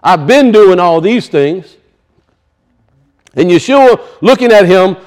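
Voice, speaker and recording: A man's voice: high voice, expressive, takes it slowly, darkish tone. A male pastor preaching a sermon, emphatic, with rhetorical questions and casual asides.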